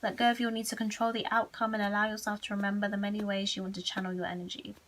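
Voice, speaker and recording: A woman's voice: mid-range voice, flat delivery, very fast, a bit bright, slight background noise, poor audio. A woman giving a casual pick-a-card tarot reading at home, chatty, candid and self-mocking.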